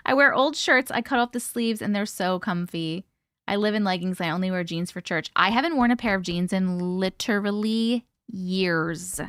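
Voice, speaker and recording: A woman hosting a casual livestream, reading viewer comments aloud and greeting people by name, playful and quick to laugh. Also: a little high, a bit bright, no echo, studio quality. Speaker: livestream host.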